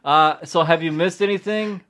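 Joking podcast man, fairly high voice. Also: normal speed, a bit bright. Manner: joking, laughs easily. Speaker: podcast host. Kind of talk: casual chat.

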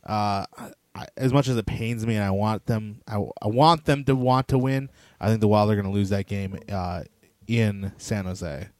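A man's voice: fairly low pitch, moderate pace, darkish tone, dry recording. A man co-hosting a casual sports podcast, eager and tripping over repeated words as he makes his point. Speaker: podcast co-host.

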